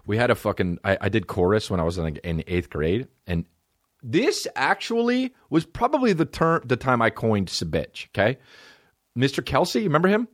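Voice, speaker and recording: A man in his thirties hosting a podcast on his own, chatting in a rambling, profane way and breaking into high, silly voices. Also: wildly swooping pitch, normal speed, no room sound, clean studio sound. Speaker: podcast host. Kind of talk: casual solo podcast chat.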